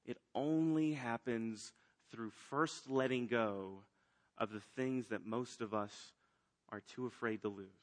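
A man preaching a sermon, swinging between loud emphatic lines and hushed ones. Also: medium pitch, unhurried. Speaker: pastor.

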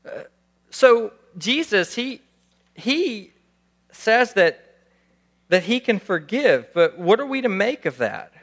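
A man's voice: high-pitched, big pitch swings, slow pace, long pauses. A male pastor giving a conversational sermon, acting out little scenes as he preaches. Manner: conversational, acts out scenes with raised voice.

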